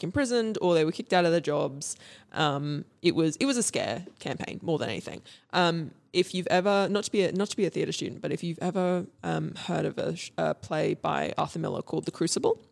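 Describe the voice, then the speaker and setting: Young woman podcast host, low-pitched and gravelly, hesitant and rambling. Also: a little fast, darkish tone. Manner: hesitant, many ums and restarts. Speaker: podcast co-host presenting history. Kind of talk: casual history podcast chat.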